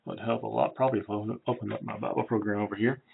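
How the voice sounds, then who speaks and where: A man preaching through a Bible passage in a relaxed, chatty way, with fillers and self-corrections. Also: fairly low pitch, rapid-fire, gravelly, a little hiss or hum. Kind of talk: conversational Bible teaching. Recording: tinny phone-like sound.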